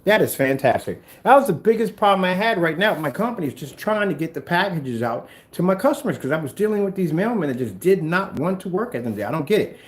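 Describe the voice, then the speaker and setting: A man running a small business, chatting casually at home and ranting in an animated way. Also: fast talker, hardly any pauses. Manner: animated, ranting, talks to his pets in a high voice. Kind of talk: casual vlog chat. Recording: echoey room with faint noise.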